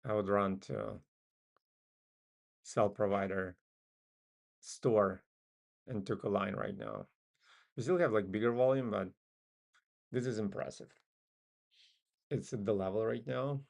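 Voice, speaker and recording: Slow, gravelly man with a non-native accent. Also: on the low side. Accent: non-native English accent. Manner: musing, thinks aloud with frequent ums. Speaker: trading stream host. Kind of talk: casual live market commentary.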